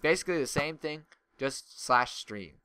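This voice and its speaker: A man's voice: on the high side, animated, normal speed, noisy background. A young man and server owner talking casually over a gaming video, rambling and getting heated as he rants. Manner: rambling, gets heated and ranty.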